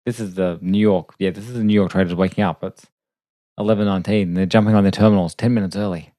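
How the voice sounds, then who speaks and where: A man hosting a live trading stream late at night, talking quietly and casually with self-deprecating asides. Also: low voice, fairly even intonation, fast, no room sound. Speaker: trading livestream host. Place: home desk at night. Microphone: desk microphone.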